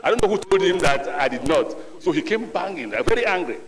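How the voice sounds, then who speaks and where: A middle-aged man from Nigeria with a Nigerian accent, a nominee answering questions at a formal hearing in a deliberate, measured way and mixing in stories. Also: high voice, animated, crowd noise. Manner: deliberate, measured, with storytelling asides. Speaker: ministerial nominee before a senate. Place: large legislative chamber. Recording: long reverb of a large chamber.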